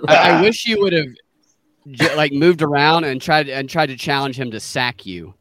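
Lively joking man with higher voice. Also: normal speed. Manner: joking, profane. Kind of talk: casual chat.

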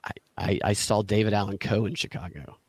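A man's voice: on the low side, a little fast, breathy edge, no echo. A man with a Southern US accent, chatting as a podcast guest, joking and slipping into put-on voices. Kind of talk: casual podcast chat.

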